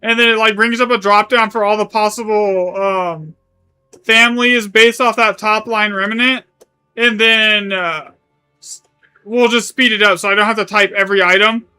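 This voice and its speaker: A man's voice: high voice, steady tone, moderate pace, sharp tone, clean tone, soft background music. A man streaming a game live, chatting casually in a rambling way, correcting himself as he goes and swearing now and then. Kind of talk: live gaming stream chat.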